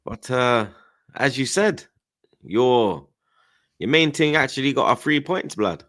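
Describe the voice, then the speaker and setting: A man's voice: medium pitch, expressive, measured pace, fairly bright tone. A man hosting a casual football chat, slangy and teasing. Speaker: host.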